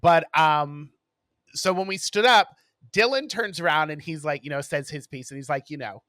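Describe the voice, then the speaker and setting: Bright, high-voiced wry man. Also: normal speed, dry recording, clean studio sound. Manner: chatty, frank, wry, swears for emphasis. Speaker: podcast co-host. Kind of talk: casual storytelling chat.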